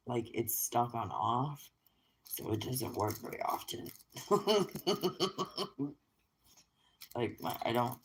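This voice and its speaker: A middle-aged speaker with a gravelly, fry-edged voice, ranting straight at the camera. The delivery is blunt and scornful, thick with swearing, at an ordinary middle pitch. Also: slight background noise, low-quality recording. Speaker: vlogger. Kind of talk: angry profane rant to camera.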